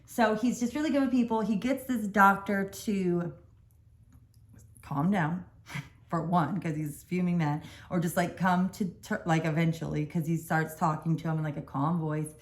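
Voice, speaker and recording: A woman's voice: fairly low pitch, moderate pace. A woman telling a personal story in a casual storytime vlog, rambling and correcting herself as she goes. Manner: rambling, self-correcting, animated. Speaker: vlogger telling a birth story.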